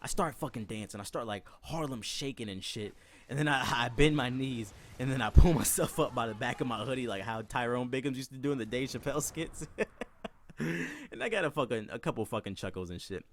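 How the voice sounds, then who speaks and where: Young male storyteller, animated and profane, wide pitch swings, does voices of other people. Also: a little fast, slight background noise. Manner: animated, profane, laughs often, acts out voices. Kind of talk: comedic storytelling.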